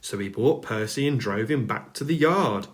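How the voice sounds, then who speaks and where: A man reading a children's storybook aloud, calm and measured. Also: mid-range voice. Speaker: narrator.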